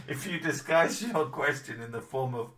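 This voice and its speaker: A man's voice: medium pitch, a bit bright, a little hiss or hum. A man who streams, reading an article aloud in casual chat, swearing and mocking it with frequent laughs.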